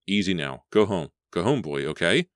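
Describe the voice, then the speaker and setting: A man's voice: low voice, expressive, moderate pace, fairly bright tone, no echo, studio quality. A man voicing a terrified teenage girl who cries out for help in panic, in an audiobook. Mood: pleading.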